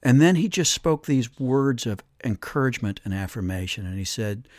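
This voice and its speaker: This is an older man in his sixties telling a story on a podcast, rambling casually and stopping often on fillers. His voice sits at an ordinary middle pitch. It is recorded dry and close, with no room sound. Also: animated, brisk, darkish tone, no echo. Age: 60s. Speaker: podcast host.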